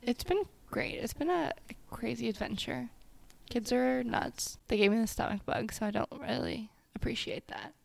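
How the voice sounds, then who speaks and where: A young woman co-hosting a casual podcast chat, teasing her friend and firing off quick questions. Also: a little high, vocal fry, no room sound. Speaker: podcast co-host.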